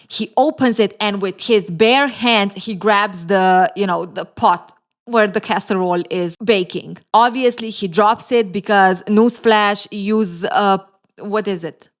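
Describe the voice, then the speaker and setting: A woman host narrating a novel's plot and adding chatty, sarcastic commentary straight to her viewers. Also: mid-range voice.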